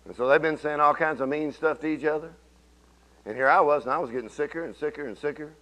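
A man's voice: fairly high pitch, quick pace, fairly bright tone, low-quality recording. A middle-aged man preaching a sermon, telling folksy stories and rising into emphatic bursts.

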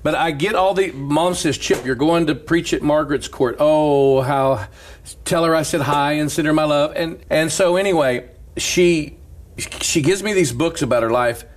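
A man who is a preacher, telling a story in casual talk, animated and chuckling often. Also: on the high side, moderate pace.

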